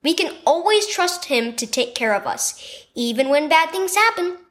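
A woman voicing a gentle father in a children's storybook devotional, calmly explaining. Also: high-pitched, normal speed, pitched above the performer's own voice. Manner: calm, explaining.

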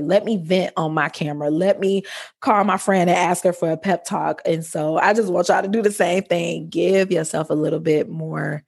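A woman, chatting as a podcast guest who tells animated stories and acts out voices. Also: on the low side, gravelly, breathy edge. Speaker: podcast guest and life coach. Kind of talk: casual interview chat.

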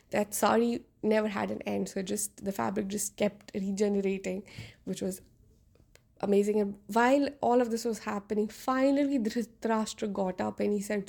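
A woman's voice: medium pitch, little pitch movement, normal speed, creaky, a little mellow. A woman podcast host retelling an epic story in a casual, conversational way with frequent fillers.

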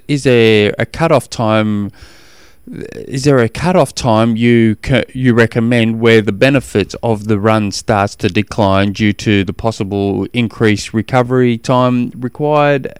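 A man's voice: mid-range voice, measured pace, smooth, no echo, studio quality. A man with an Australian accent hosts a podcast in casual chat. He rambles along with frequent restarts. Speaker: podcast host.

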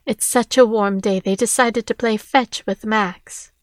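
A woman's voice: mid-range voice, steady tone, a little slow, dry recording, clean studio sound, lightly acted. A woman reading the lines of a protective, caring mother figure with an urgent, alarmed manner, in a storybook reading. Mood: easy.

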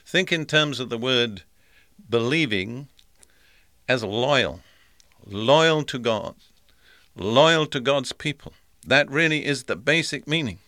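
Guy preaching a sermon, bright forceful tone, dry close sound, earnest and repetitive. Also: mid-range voice, slow pace, long pauses, no echo.

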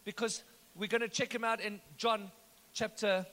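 Bright high-voiced pastor. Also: male voice, flat delivery, moderate pace. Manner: storytelling with joking asides. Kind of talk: sermon. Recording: echoey hall.

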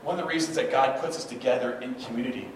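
Pastor preaching in a booming hall. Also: male voice, very fast. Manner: conversational, asks the listeners "right?". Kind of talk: sermon. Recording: far from mic in an echoey hall, noisy.

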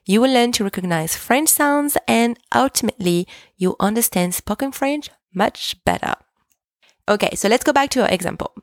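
A woman hosting a language lesson podcast, speaking slowly and clearly and repeating each phrase so listeners can practice. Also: medium pitch, dry recording, studio quality. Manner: slow, careful, repeats French words for practice. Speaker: French teacher, podcast host.

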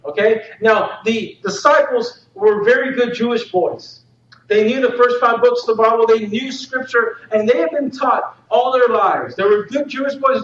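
A man preaching a casual, jokey sermon to a congregation, talking in a loose, slangy way full of "like" and "you know". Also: sits high. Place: church hall with a congregation. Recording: roomy hall, distant dull mic.

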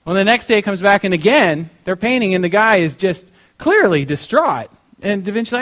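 A man's voice: high voice, big pitch swings, normal speed, a bit bright. A young man preaching in a casual, chatty way, telling a story with many fillers like "you know".

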